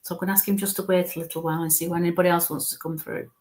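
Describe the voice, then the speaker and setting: A woman working as a psychic medium, giving a live reading in a halting way and breaking off to murmur coaxing asides under her breath. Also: fairly low pitch, level tone, a little mellow. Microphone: live stream mic.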